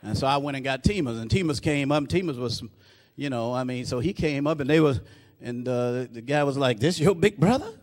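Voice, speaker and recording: A man preaching a sermon, often breaking in with "praise God", getting louder and slower on key lines and dropping low and soft for asides. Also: big-room sound. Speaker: pastor.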